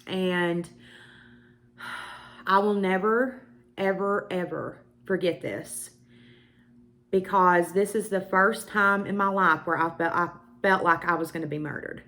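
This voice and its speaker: A woman's voice: on the low side, steady tone, slow pace, pauses often, a bit bright. A young woman with a Southern US accent, chatting to her viewers and telling a personal story with emphatic asides. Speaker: beauty vlogger. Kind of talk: casual storytelling to camera.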